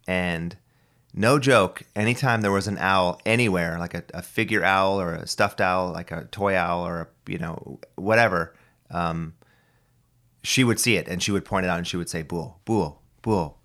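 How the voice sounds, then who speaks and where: A man's voice: sits low, fairly even intonation, moderate pace, a bit bright. A man in his thirties hosting a podcast, talking in a loose, rambling and profane monologue with many restarts. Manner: profane, ranting, full of restarts. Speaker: podcast host.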